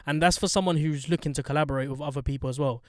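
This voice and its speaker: A man's voice: a little high, steady tone, racing, no room sound, studio quality. A man co-hosting a podcast from a parked car, chatting in slang and joking around. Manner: joking, slangy, hypes things up. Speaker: podcast co-host. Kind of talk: casual chat. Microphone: handheld mic.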